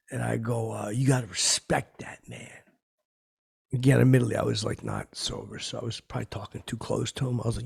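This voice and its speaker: A rough, gravelly, very raspy voice carries this washed-up middle-aged comic, as a man puts him on in a podcast monologue. He rambles in loose, tactless asides. His boasting keeps tipping over into sentiment. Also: mid-range voice, exaggerated voice. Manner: rambling, rough-spoken, tactless, lurching between bravado and sentiment. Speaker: podcast host.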